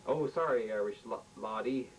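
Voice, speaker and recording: A curt male starship captain who barks short orders, voiced by a man reading a story aloud. His voice comes from a little distance, over a low rumble. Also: moderate pace, lightly acted. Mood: stern. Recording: distant mic with faint rumble.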